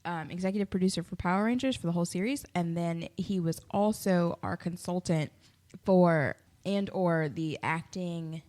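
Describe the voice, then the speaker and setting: A woman in her late twenties co-hosting a casual podcast, excitable, giggly and slangy. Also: fairly low pitch, normal speed. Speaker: podcast co-host. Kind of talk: casual chat.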